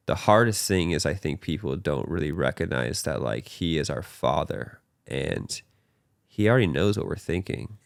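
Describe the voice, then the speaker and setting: Deep gravelly man in earnest faith chat. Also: dry recording, studio quality. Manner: earnest, animated, talks with his hands in quoted voices. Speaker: podcast host.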